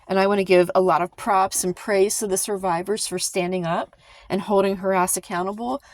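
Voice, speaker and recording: A woman's voice: medium pitch, fairly even intonation, brisk, no room sound. Fired-up woman, dry close sound. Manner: heated, emphatic, with sighs and frequent restarts. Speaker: vlogger. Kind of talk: impassioned casual commentary to camera.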